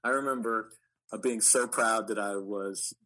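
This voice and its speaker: Bright husky middle-aged male guest. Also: lowish voice, unhurried, low-quality recording. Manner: animated anecdotes with frequent restarts. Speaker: actor guest. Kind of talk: storytelling interview.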